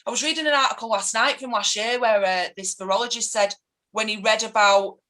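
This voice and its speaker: Here the Mancunian activist's voice is on the high side with a sharp tone, and the audio is poor. Talking politics with passion in a casual interview, she rants and mimics those she criticises.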